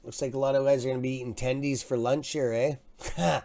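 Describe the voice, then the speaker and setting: Casting note: man, stream host, casual market talk, easily excited, mid-pitched voice. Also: fairly quick, gravelly. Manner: excitable, swears under his breath, apologetic. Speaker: livestream host. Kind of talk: casual live stock market chat. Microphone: desk microphone.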